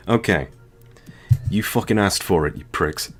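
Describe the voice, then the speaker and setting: A man with a sore, dry throat, joking and rambling crudely while playing a video game. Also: low-pitched. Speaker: game streamer. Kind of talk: casual let's-play commentary.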